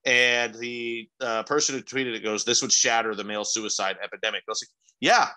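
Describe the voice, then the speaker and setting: Young male podcast co-host with a sharp, forceful voice; loose, profane storyteller who spikes upward when excited. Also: brisk. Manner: rambling, profane storytelling with sudden excited jumps in pitch. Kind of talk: casual chat.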